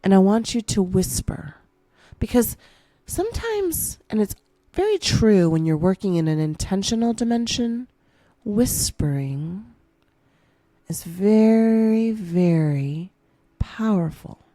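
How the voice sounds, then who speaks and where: Female podcast host, hyped motivational coach, playful and teasing, mid pitch, dry booth sound. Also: big pitch swings, slow pace, dark tone, no room sound. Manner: playful, hyped coaching, calls listener baby.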